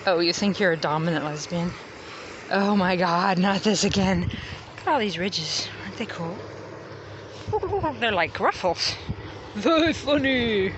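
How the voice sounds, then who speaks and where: A woman's voice: fairly low pitch, expressive, unhurried, highs cut off, noisy background. A woman rambling and joking to herself while walking a beach for her vlog. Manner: joking, bickers with herself in different voices. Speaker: reverend vlogger. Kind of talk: rambling self-talk vlog. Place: outdoors on a beach.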